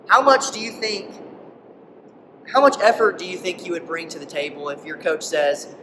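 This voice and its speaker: A man's voice: on the high side, lively intonation, moderate pace, background noise. Man, preacher, conversational sermon, emphatic, rhetorical questions, distant mic, long church reverb. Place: church hall.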